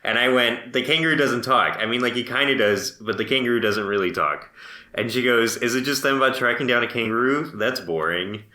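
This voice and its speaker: Podcast co-host, male, bright tone, roomy sound, storyteller who laughs a lot. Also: mid-range voice, brisk. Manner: laughs often, tells stories with quoted dialogue. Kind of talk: casual chat.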